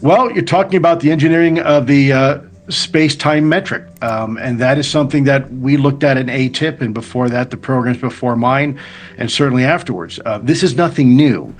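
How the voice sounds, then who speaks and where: A man speaking as a guest in a TV news interview, measured and formal. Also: medium pitch.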